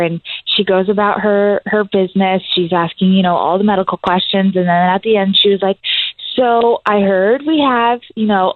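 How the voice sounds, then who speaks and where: A woman's voice: medium pitch, no echo. A young woman co-hosting a radio podcast, telling stories in a chatty, bubbly way and laughing often. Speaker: radio co-host. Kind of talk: casual podcast chat. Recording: tinny phone-line sound.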